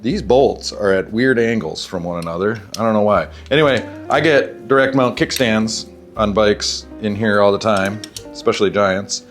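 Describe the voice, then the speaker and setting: A man's voice: on the low side, moderate pace, soft background music. A man with a stuffy nose telling a rambling, candid story in casual vlog style while working on a bike in his repair shop. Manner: rambling, candid, profane asides. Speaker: bike shop owner and vlogger. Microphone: wireless clip-on mic.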